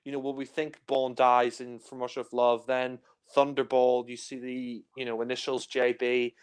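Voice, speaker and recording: A young man reviews films in a casual, chatty conversation, packed with fillers and playful retellings where he acts out scenes in silly voices. His mid-range voice is smooth and monotone, at a normal speed.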